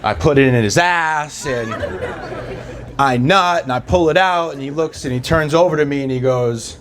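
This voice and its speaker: A young man from the East Coast of the US doing a stand-up set, telling stories with lots of swagger and jumping into squeaky voices for the people in them. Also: moderate pace, some chatter behind. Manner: animated storytelling, jumps into high squeaky voices for characters. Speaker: stand-up comedian.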